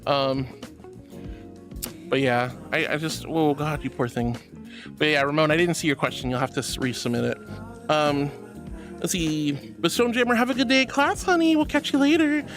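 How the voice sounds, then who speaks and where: A woman's voice: moderate pace, pauses often, soft background music. A woman streamer reading her livestream chat aloud, doting on viewers and calling them honey and sweetie. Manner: affectionate, calls everyone honey and sweetie; bubbly with squealing high greetings. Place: virtual reality stream setup.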